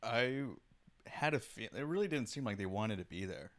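A man's voice: on the low side, lively intonation, moderate pace, fairly bright tone. A man co-hosting a casual chat about games, laid-back, giving short replies and quoting people in put-on voices. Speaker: co-host.

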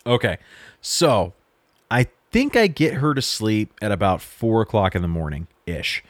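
A young man with a fairly low voice tells a rambling story on a podcast. He acts out what people said and swears casually as he goes. The recording is dry and close, with no room sound. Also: big pitch swings, unhurried, no echo. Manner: storytelling with swearing and quoted dialogue. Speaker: podcast co-host. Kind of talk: casual chat.

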